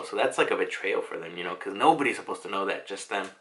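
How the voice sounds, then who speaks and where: A man's voice: on the low side, fast, few pauses, a bit bright. Chatty young man recapping a comic. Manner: chatty, swears, laughs between points. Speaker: manga reaction youtuber. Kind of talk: casual chapter recap.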